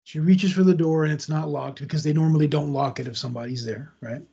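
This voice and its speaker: Gravelly dark-voiced man telling a story. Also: on the high side, fairly even intonation, quick pace, muffled recording. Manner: loose and conversational, retelling with asides. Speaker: podcast host. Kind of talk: casual true crime storytelling.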